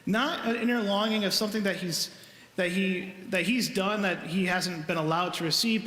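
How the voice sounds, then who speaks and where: A man's voice: sits high, normal speed, a bit bright, a little hiss or hum. A man preaching a homily as a priest, speaking in an earnest, conversational storytelling manner. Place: large church. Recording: echoey church with long reverb.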